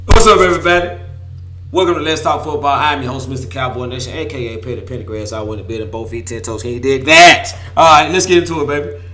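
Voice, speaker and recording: A man from Memphis, hosting a casual sports talk show, hoarse from losing his voice and trash-talking with bursts of laughter. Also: medium pitch, fast talker, pushed and bright. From Memphis, Tennessee. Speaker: host.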